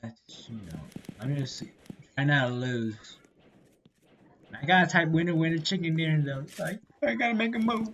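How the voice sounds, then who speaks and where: A gaming creator doing casual let's-play commentary, excitable and slangy, blurting reactions and yelling at other players. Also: medium pitch, normal speed, a little hiss or hum. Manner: slangy gamer talk.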